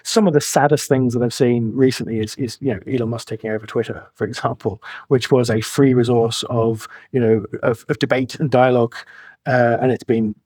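A man's voice: mid-range voice, fairly even intonation, a little fast, darkish tone, husky, no echo. A man in his forties, a financial planner speaking as a podcast guest, talking emphatically and reaching for colorful analogies. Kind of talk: podcast interview.

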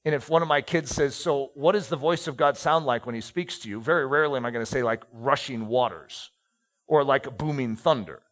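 A middle-aged man preaching a sermon and reading scripture aloud, slowing down to stress key words, with joking asides to the congregation. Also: mid-range voice, a bit bright. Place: church stage, handheld mic.

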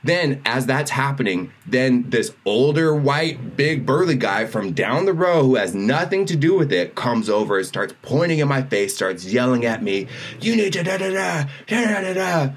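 A man's voice: medium pitch, normal speed, few pauses. A man co-hosting a podcast, telling a story in casual chat and acting out the lines of the people in it. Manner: animated storyteller who acts out other people's lines. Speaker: podcast co-host.

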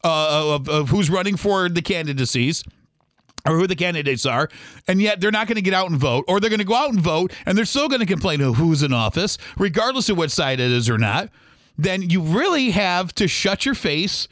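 Fired-up middle-aged male podcaster, high, lively delivery, dry close sound. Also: moderate pace, no echo. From Michigan, USA. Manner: emphatic and ranting, mimics other people's complaints. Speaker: podcast host. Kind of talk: opinionated solo podcast rant.

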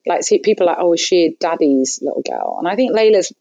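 A woman guest chatting candidly about parenting, chatty and self-deprecating with quick asides. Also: lowish voice, huge pitch swings, creaky, warm tone, dry recording, highs cut off. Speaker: podcast guest. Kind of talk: candid conversational chat.

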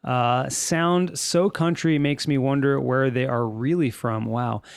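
Gravelly-voiced man hosting a podcast. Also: medium pitch, steady tone, measured pace, no echo, clean studio sound. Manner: reads notes aloud, wry asides. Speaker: podcast host. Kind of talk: casual chat.

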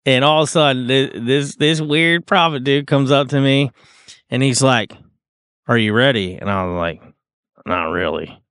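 A man's voice: mid-range voice, normal speed, clear, resonant tone, dry recording, studio quality. A man hosting a casual chat, talking in a laid-back way and calling others "dude" and "man.". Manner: relaxed, uses "dude" and "man" often.

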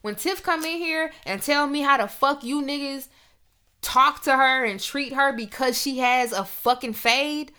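A woman's voice: high-pitched, measured pace, sharp tone. A young woman hosting a podcast, ranting in a heated, emphatic, profane casual talk. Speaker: podcast host.

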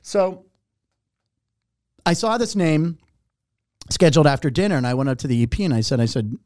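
Middle-aged guy spinning a story, swears a lot, high pitched, bouncy, keeps doing the other people's lines. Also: moderate pace, long pauses, no room sound, clean studio sound. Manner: animated, profane, acts out quotes. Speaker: warm-up comedian telling a story. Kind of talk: casual storytelling chat.

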